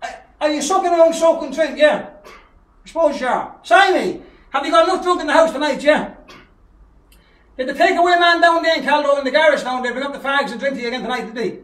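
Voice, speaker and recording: A man's voice: extremely high pitch, quick pace, fairly bright tone, reverberant, distant mic. A man with an Irish Traveller accent, ranting in a taunting callout video, hurling repeated insults and mocking laughs. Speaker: vlogger issuing a challenge.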